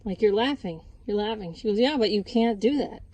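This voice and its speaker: Doing chores outdoors on a farm with goats and chickens around, a woman vlogger tells a rambling, casual story full of restarts and asides. Her medium-pitched voice is warm, expressive and brisk.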